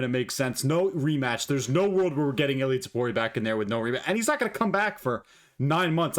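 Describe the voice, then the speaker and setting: A man hosting his own channel, giving blunt, profane, opinionated fight commentary. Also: medium pitch. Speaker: MMA commentator, channel host. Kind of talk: casual ranting commentary.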